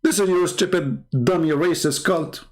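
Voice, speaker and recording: A man's voice: on the high side, normal speed. A man hosting polemical commentary, talking in a mocking, sarcastic way and laughing at his own jokes. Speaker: host.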